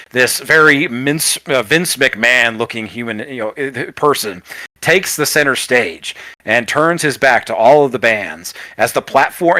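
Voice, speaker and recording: A man's voice: mid-range voice, sharp tone, no echo. Rambling male game master, dry sound. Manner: rambling with many fillers and restarts. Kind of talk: narrating a tabletop game.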